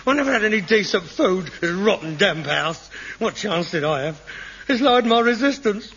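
A melodramatic hypochondriac son. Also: male voice, sits high, expressive, moderate pace, a bit bright, husky, lo-fi sound, full character voice. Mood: accusing. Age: young adult. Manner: theatrical, whining and self-dramatizing. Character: melodramatic hypochondriac grown son, touchy and vain. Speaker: grown son in a sitcom.

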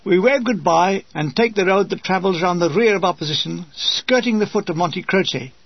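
Man, memoir narration, high gravelly voice, dry comic storytelling, dull dry recording. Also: lively intonation, moderate pace, no echo. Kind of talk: memoir reading.

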